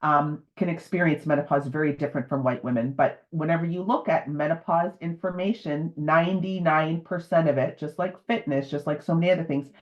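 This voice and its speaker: A woman's voice: low voice, steady tone, brisk, hardly any pauses. A woman in her fifties, a menopause educator, speaking candidly and emotionally on a video call. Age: 50s. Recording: dull lo-fi video call audio.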